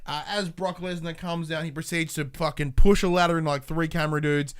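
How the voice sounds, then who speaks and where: A man with a high-pitched voice argues his case on a podcast, peppering it with curses and breaking off sentences to start again. He sounds casual and worked up. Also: little pitch movement, a little fast, clear, resonant tone. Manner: swearing often, restarting sentences mid-thought. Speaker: podcast co-host.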